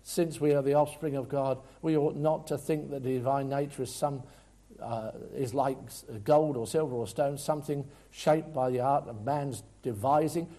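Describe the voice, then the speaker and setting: A man preaching a sermon earnestly, rising to loud emphasis and dropping to quiet asides. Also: medium pitch, fairly even intonation, normal speed.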